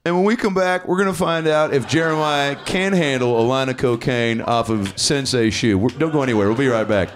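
A man's voice: medium pitch, a little hiss or hum. A male comedian works the room from the stage, firing off teasing riffs with the audience. His voice sits in an ordinary middle range. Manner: quick, teasing banter. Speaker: stand-up comedian. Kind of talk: riffing with the audience.

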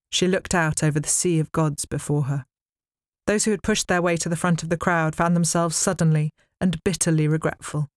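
A woman's voice: sits low, steady tone, a little fast, no room sound. A woman author reading her own novel aloud in a studio, with wry storytelling. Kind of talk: dramatic book reading. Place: recording studio.

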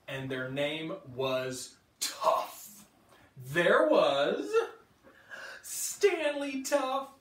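A male children's librarian reading a storybook aloud to kids from home, playful and animated. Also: high-pitched, reverberant, recorded from a distance.

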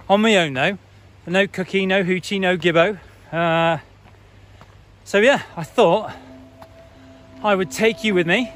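A man's voice: high voice, fairly bright tone. A man from Britain vlogging as he hikes a mountain trail outdoors, chatty and self-mocking, a bit out of breath. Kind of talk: casual vlog while hiking.

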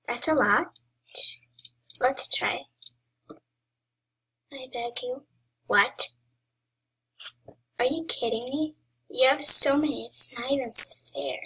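A woman's voice: fairly high pitch, slow pace, gravelly, long pauses, bright, forceful tone, husky. A young woman giving casual game commentary, dramatic and pleading, sometimes dropping into whispers. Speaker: gamer.

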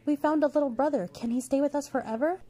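A woman voicing friendly, playful young swans in a storybook, high and eager. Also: fairly quick, lightly acted. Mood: excited. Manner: bright, excited, high.

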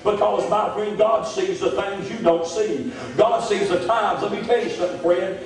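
Male pastor preaching revival, high voice, heavy church echo, mic set far back. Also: moderate pace, hardly any pauses. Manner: preaching, repeats "my friend" often. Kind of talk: revival sermon. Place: church sanctuary. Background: congregation amens.

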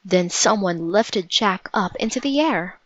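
A woman narrating a storybook in a measured, vivid read-aloud manner. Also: medium pitch, lively intonation, no echo, low-quality recording.

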